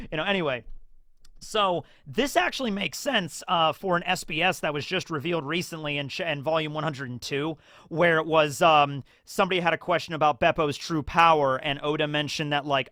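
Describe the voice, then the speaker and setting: A man's voice: on the high side, fairly quick, no room sound, studio quality. A man hosting a casual discussion show, talking chattily with lots of fillers and acting out scenes. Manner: animated, acts out scenes in character voices. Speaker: YouTube host.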